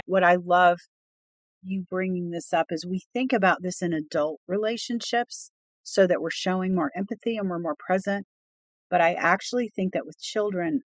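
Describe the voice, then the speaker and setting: A woman's voice: fairly low pitch, no room sound. A woman co-hosting a faith-based parenting podcast, responding thoughtfully and affirming her partner. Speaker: podcast co-host.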